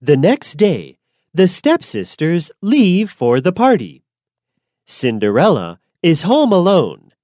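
Low-voiced, slow woman storyteller. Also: mellow, no echo, studio quality. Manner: clear, simple, deliberate phrasing. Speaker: narrator. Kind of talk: slow storybook reading for learners.

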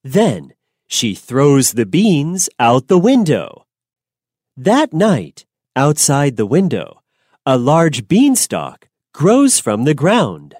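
Slow, lively storybook narrator woman. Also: deep voice, dry recording, studio quality. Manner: clear, simple and deliberate.

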